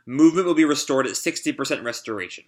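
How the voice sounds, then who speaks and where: Calm robot companion, a man reading, even, matter-of-fact. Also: medium pitch, fast, lightly acted.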